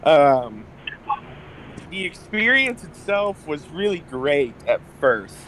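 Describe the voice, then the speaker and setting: A man's voice: a little high, very animated, takes it slowly, a bit bright, low-quality recording. Young guy rambling thru a story, tons of ums, bit of hiss behind. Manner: rambling, lots of fillers and restarts. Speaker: guest. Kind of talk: casual podcast storytelling.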